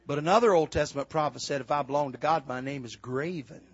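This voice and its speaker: An older man preaching a sermon, swinging from shouted exhortation to quiet, folksy storytelling. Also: a little high, fast, breathy edge, lo-fi sound. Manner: fiery preaching, builds to shouts then drops to quiet storytelling.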